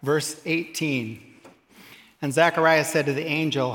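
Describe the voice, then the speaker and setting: A man's voice: on the high side, fairly even intonation, a little slow, long pauses, a bit bright, in a large hall. A man preaching a sermon, reading scripture aloud and adding humorous asides. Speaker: pastor.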